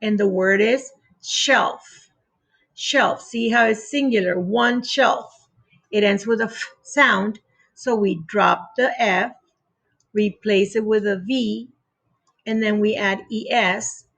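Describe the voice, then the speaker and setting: A woman teaching a phonics lesson to young children, sounding out words letter by letter with deliberate pauses and patiently repeating each rule. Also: medium pitch, creaky, a bit bright.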